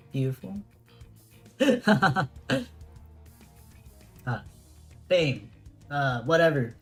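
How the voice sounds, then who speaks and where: A chatty streamer rambling through a live game stream, laughing often and answering chat. The pitch sits in the middle range. Faint game music hums underneath.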